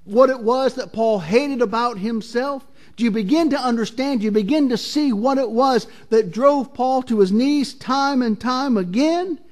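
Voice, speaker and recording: Man, very high voice, pastor, sermon, earnest drawn-out reading, searching questions. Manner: asks the congregation searching questions.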